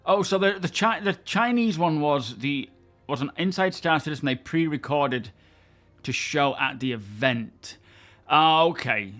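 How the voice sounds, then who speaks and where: A man's voice: fairly high pitch, expressive, unhurried, fairly bright tone, faint music behind. A man from England hosting a casual live stream, chatting loosely and answering viewers by name. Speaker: livestream host.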